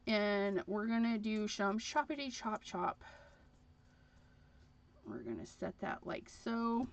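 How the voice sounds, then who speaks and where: A woman's voice: mid-range voice, big pitch swings, slow. A woman hosting a crafting livestream, chatting casually and rambling with frequent fillers as she works. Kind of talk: casual chat while crafting. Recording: dull lo-fi livestream audio.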